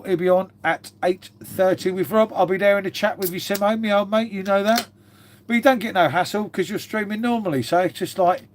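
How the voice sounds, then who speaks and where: A man chats loosely with viewers on a live stream. His voice sits a touch high for a man. He jokes, swears freely and calls everyone mate. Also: slight background noise. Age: 50s.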